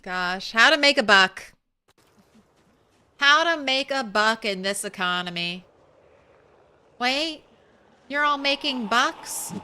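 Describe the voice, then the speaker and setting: Slow, bright-voiced woman streamer. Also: a little high, lively intonation, smooth. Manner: playful, joking asides and chatter to her cat. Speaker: game streamer. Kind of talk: casual livestream chat while gaming.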